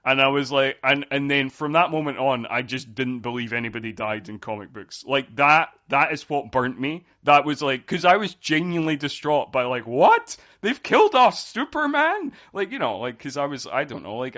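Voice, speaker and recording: A man around forty chats loosely about a film, stumbling over fillers and restarts as he warms up. His voice is bright and forward, heard through dull, lo-fi podcast audio. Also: mid-range voice, brisk, few pauses. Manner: rambling, many fillers and restarts, grows animated. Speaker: podcast co-host. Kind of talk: casual movie discussion.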